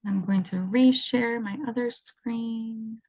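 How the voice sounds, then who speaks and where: Speaking slowly in a steady, darkish, somewhat high voice, a woman explains things step by step in a casual educational webinar. She is an assistive technology coordinator presenting a seminar over a video call on a computer mic. She often says um and restarts, with no room sound.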